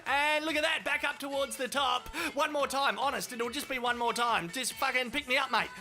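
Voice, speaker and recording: A man voicing an excitable dog riding a slide, shouting and swearing with glee. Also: extremely high pitch, fairly quick, faint music behind, full character voice. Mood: impatient.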